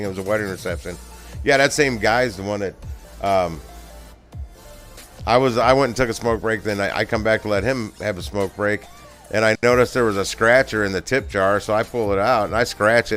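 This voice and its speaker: A man's voice: on the low side, a bit bright. A middle-aged man casually telling stories on a live stream, rambling and profane, laughing often. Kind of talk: casual storytelling.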